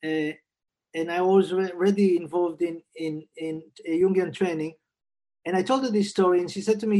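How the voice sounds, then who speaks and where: A man in his sixties, a psychiatrist and Jungian analyst, telling a personal family story in a thoughtful, unhurried way, often repeating words as he goes. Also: high-pitched, steady tone, darkish tone.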